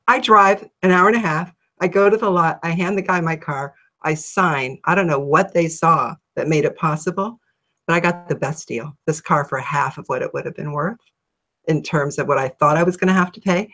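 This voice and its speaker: A middle-aged woman from Ohio, a guest in an interview, telling her story in a lively way and acting out her own thoughts. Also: sits low, moderate pace. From Ohio, USA. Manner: animated, acts out her own thoughts in a raised voice.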